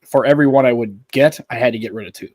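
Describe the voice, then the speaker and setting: A man's voice: medium pitch, very fast, darkish tone, no room sound. A man from the United States co-hosting a live podcast, chatting casually and rambling through stories. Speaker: podcast co-host. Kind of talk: casual chat.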